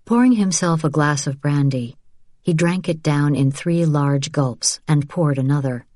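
Low-voiced woman narrating a novel. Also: measured pace, a little mellow, no echo, clean studio sound. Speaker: audiobook narrator. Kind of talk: scripted narration.

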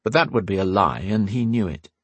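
A man reading a fantasy novel aloud in calm, even scripted narration. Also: lowish voice, brisk, husky, no echo. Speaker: audiobook narrator.

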